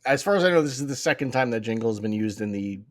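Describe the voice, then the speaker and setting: Enthusiastic man, lively voice, dry sound. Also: mid-range voice, quick pace, dry recording. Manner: enthusiastic fan, keeps repeating "I love that". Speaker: podcast co-host. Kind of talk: casual chat reviewing a cartoon episode.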